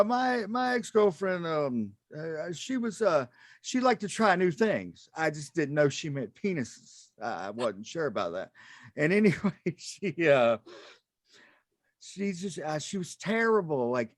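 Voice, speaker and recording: A man's voice: a little high, animated, measured pace, dry recording, clean studio sound. A man doing a rambling, self-mocking stand-up comedy set over a video call, laughing at his own jokes.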